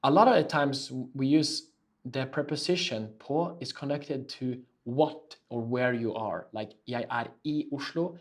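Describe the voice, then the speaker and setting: Guy teaching a language, says phrases slow and over again then explains real fast, mid-pitched voice. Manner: repeats key phrases slowly, then explains quickly. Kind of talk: casual language lesson.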